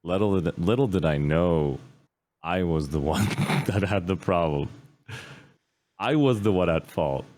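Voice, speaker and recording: A man with an extremely deep, low voice speaks as a podcast guest. He tells a personal story candidly and earnestly. He often pauses on fillers and trails off. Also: animated, darkish tone.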